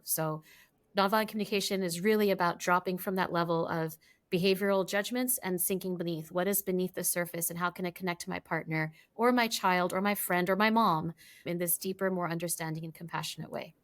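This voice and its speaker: A woman's voice: on the low side, fairly even intonation, fairly quick. A woman guest in an interview, explaining ideas and telling stories in a reflective way. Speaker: guest, relationship coach. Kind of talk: interview answers.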